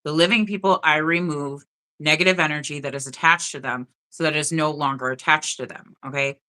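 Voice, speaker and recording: A woman's voice: low-pitched, steady tone, brisk, pushed and bright. A woman hosting a spiritual live stream, talking earnestly and directly to her viewers in casual chat.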